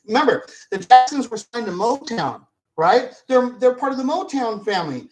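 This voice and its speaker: A male video host rants on his vlog, angry and profane, repeating himself as he argues his point. His very high-pitched voice is expressive at a moderate pace, captured on a rough recording.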